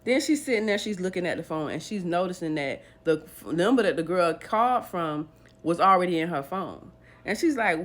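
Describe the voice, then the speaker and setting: A woman's voice: medium pitch, animated, a little fast. A woman retelling a dramatic true story in a casual storytime way, animatedly acting out the people's lines.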